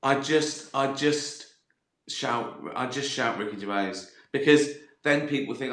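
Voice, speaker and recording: A man's voice: medium pitch, unhurried, fairly bright tone, roomy sound. A middle-aged man with a West Country accent, chatting casually on a livestream, answering viewer questions with rambling, profane comic stories and giggles. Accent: West Country English. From West Country, England.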